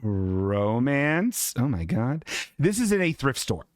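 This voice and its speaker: A man's voice: medium pitch, sing-song, takes it slowly, no echo, clean studio sound. A man hosting a livestream podcast, riffing in casual, profane, sarcastic rants about viewer submissions. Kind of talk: casual comedic chat reading viewer submissions.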